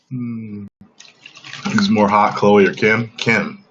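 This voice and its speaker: A man hosting a casual livestream chat talks emphatically and keeps asking the audience "okay?" His husky, slightly bright voice sits on the low side with fairly even intonation, and he speaks slowly with long pauses. The audio sounds dull.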